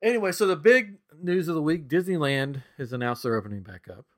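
A man's voice: on the high side, expressive, brisk. A middle-aged man co-hosting a podcast in loose, casual chat, laughing often. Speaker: podcast co-host.

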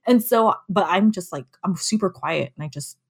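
Woman, candid, casual conversation, animated storytelling. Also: lowish voice, normal speed, slightly rough. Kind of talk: casual conversation about anger.

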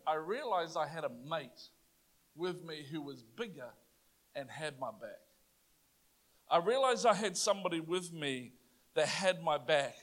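A New Zealander whose voice is high for a man delivers a sermon, telling a story with lively, playful energy. His delivery climbs toward loud, triumphant proclamations.

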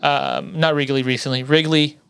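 A man's voice: on the high side, steady tone, normal speed, gravelly, fairly bright tone, clear, resonant tone, no room sound. A man co-hosting a casual sports podcast, rambling with fillers and restarts. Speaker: podcast co-host. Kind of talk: casual chat.

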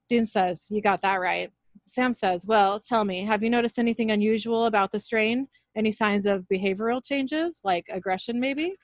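A woman co-hosting a podcast, casually retelling an episode scene by scene and reading the dialogue aloud in a plain, even way. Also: medium pitch, dry recording, clean studio sound. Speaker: podcast co-host recapping an episode.

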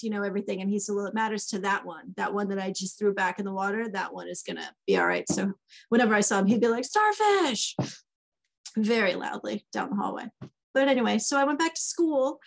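A middle-aged woman, an author guest, telling stories in a casual chat and acting out the quoted dialogue. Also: fairly high pitch. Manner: animated, acts out quoted dialogue.

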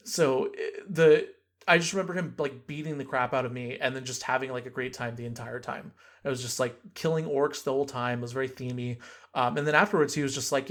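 Young male podcast host, casual storyteller, lots of fillers, mid pitch. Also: fairly even intonation, brisk, fairly bright tone. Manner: rambling, many fillers and restarts.

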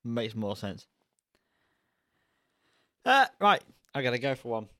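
A man's voice: mid-range voice, steady tone, quick pace, dry recording, studio quality. A man co-hosting a podcast, chatting casually with a wry, joking manner. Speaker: podcast co-host. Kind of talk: casual chat.

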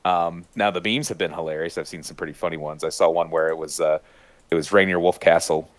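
A man talking in a casual podcast chat, enthusiastic and rambling, full of fillers and restarts, who now and then breaks into high-pitched voice impressions. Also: fairly even intonation, fast talker, no echo. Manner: mimics voices with sudden high-pitched bursts. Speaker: podcast panelist.

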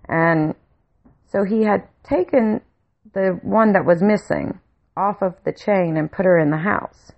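A woman's voice: mid-range voice, animated, measured pace, gravelly. A woman telling a personal story in a casual monologue, blunt and swearing freely. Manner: blunt, swears freely, heated when retelling anger. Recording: dull lo-fi home recording.

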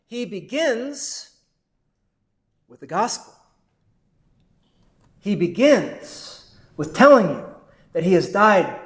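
A man with a high voice preaches a sermon as a pastor, earnest and conversational, and he often turns to his listeners with rhetorical questions. His voice rings in an echoey room.

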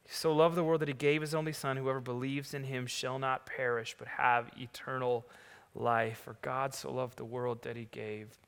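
A man preaches to a congregation, reading scripture and explaining it with emphatic, building lists. His voice is bright and smooth, a touch higher than most men's. The sound carries a long hall reverb. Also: level tone, normal speed. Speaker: pastor. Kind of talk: sermon.

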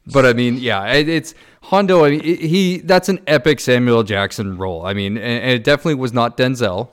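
A man's voice: medium pitch, a little fast, few pauses. A man hosting a podcast in casual chat, steering the talk with loose, rambling questions. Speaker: podcast host.

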